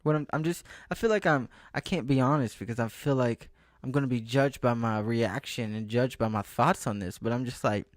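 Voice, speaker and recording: A young man rambling casually to camera, dropping thoughts halfway and circling back. His voice sits mid-pitch, and the recording is dry with no room sound. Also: fairly quick, no echo. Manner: rambling, loses his train of thought, self-interrupting. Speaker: vlogger. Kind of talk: casual rambling vlog monologue.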